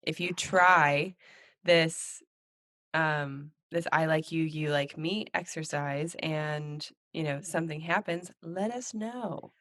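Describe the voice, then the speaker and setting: Low-voiced woman host, dry sound. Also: slow, a bit bright, no echo. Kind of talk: casual live video chat.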